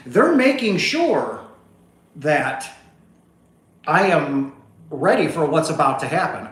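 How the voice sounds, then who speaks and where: Guy on a livestream rambling thru a story, kinda high voice, echoey room, keeps going "right?" "okay?". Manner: rambling, animated, full of asides like "right?" and "okay?". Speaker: spiritual livestream host. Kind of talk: casual storytelling monologue. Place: home, on a couch.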